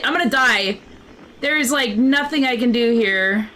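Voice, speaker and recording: A woman playing a video game and talking through it in casual, excitable commentary, often flustered and startled. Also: a little high, unhurried, noisy background. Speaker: gaming streamer. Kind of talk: casual let's-play commentary.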